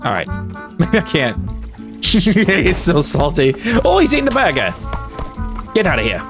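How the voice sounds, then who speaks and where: A man commentating a let's play video, animated and often laughing and exclaiming. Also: on the high side, measured pace. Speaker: gaming video host. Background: game music.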